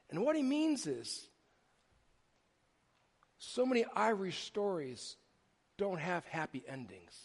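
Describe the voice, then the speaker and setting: Middle-aged man, pastor giving a sermon; animated, stumbling restarts, fairly high voice, reverberant church. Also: slow, pauses often. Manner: animated storytelling with repeated restarts. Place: church sanctuary. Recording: long hall reverb.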